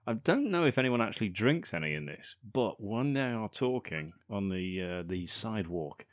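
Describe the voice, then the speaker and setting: Chatty brit guy with a lowish voice, keeps tagging on questions, dry close mic. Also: sing-song, normal speed, no echo. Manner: chatty, ends remarks with tag questions. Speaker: podcast co-host. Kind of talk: casual chat about a film.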